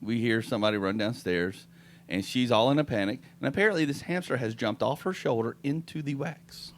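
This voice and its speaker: A man's voice: medium pitch, fairly quick, a little hiss or hum. A middle-aged man, hosting a podcast and telling a funny story in a casual way, laughing often and acting out what people said. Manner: animated, laughs often, acts out quoted lines. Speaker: podcast host.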